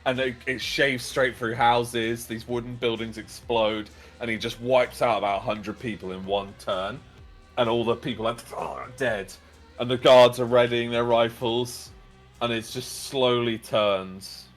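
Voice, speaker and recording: A man's voice: medium pitch, steady tone, measured pace, faint music behind. A man narrating a tabletop game as game master, describing scenes at length with many fillers and "like"s.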